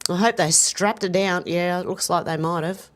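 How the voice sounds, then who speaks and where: A woman's voice: on the low side, moderate pace. A woman giving opinion commentary over video clips in an exasperated, indignant way, recorded as a voice-over. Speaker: news commentator.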